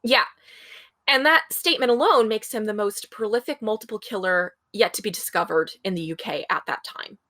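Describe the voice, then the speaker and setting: A woman with a bright, crisp voice talks through a case in casual podcast storytelling. She reads passages aloud and breaks off for her own chatty asides. Her pitch sits at an ordinary level for a woman. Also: moderate pace, no echo, poor audio. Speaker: podcast co-host. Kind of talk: casual true-crime storytelling.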